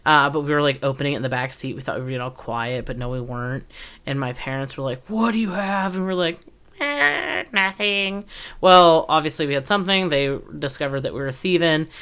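A woman's voice: extremely low pitch, fast, fairly bright tone, clean tone. A young woman telling a childhood story in a chatty, jokey casual conversation full of fillers. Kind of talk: casual chat.

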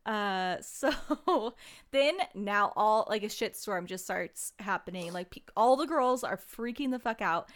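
A woman's voice: medium pitch, expressive, a little slow, fairly bright tone. A young woman co-hosting a casual recap chat, blunt and swearing, laughing often as she recounts events. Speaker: podcast co-host.

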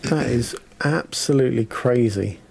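A man co-hosting a podcast, reacting to gaming news with quick exclamations in casual chat. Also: medium pitch, gravelly, a little mellow, slightly rough. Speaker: podcast co-host.

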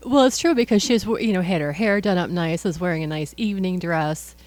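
A woman's voice: lowish voice, a little fast, a little mellow, no room sound. Easygoing woman podcast co-host. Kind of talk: casual chat.

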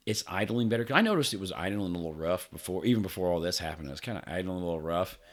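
A low-voiced man with lively intonation talks very fast while co-hosting a podcast. In casual chat, he rambles through a long story, swearing freely and laughing as he goes.

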